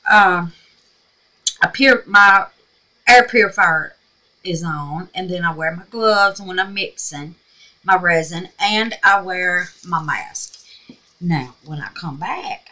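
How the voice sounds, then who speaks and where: A woman's voice: on the low side, slow, pushed and bright. A Southern woman with a scratchy voice chatting casually through a crafting tutorial at home, talking to herself and calling viewers babies. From Mississippi, USA. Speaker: craft vlogger. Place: home craft room with air purifier.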